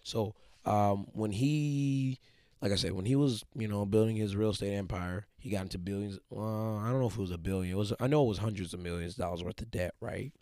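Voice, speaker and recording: A Detroit podcast host gives a casual, emphatic motivational monologue, often checking in with his listeners. His voice is warm and fairly low, a little fast, with no echo.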